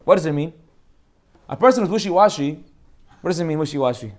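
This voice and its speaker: A man teaching an informal Torah class as a rabbi, animated and joking as he acts out the people in his stories. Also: on the high side, fast talker.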